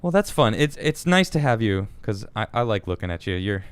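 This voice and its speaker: Male stream host, casual, lively, keeps tripping over his words, smooth voice, dry close recording. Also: on the low side, brisk, dry recording. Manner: animated, stumbling over words. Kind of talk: casual livestream chat.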